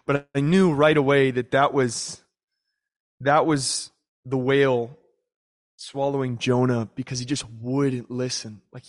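A man's voice: mid-range voice, level tone, a little slow. A young man preaching a sermon, telling a personal story and acting out the voices of people in it. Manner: storytelling, acts out voices in prayers and quotes.

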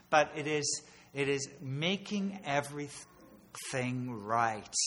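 Male preacher, earnest and explanatory, reverberant hall sound, unhurried delivery. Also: on the high side, bright, forceful tone. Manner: earnest, explanatory, with many pauses and restarts. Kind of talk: sermon.

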